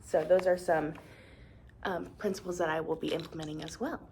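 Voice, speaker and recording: Her voice is low, creaky, and a little mellow, with fairly even intonation and a slightly fast pace. A young woman, she plays an upbeat, encouraging teacher leading call-and-response in a demonstration lesson to an imaginary class. The recording has a distant mic, an echoey room, and a little hiss or hum.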